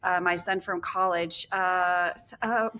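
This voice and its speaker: A woman's voice: fairly low pitch, fairly even intonation, measured pace, pushed and bright. A middle-aged woman hosting a podcast, chatting in an enthusiastic, rambling way with many fillers. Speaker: podcast host. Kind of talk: casual chat.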